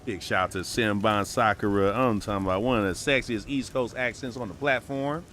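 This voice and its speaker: A man with a Brooklyn-tinged American accent, chatting casually on a game stream in loose, profane slang and shouting out his viewers. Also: lowish voice, steady tone, brisk, slight background noise. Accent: Brooklyn-tinged American English. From born in New York, raised in Minneapolis.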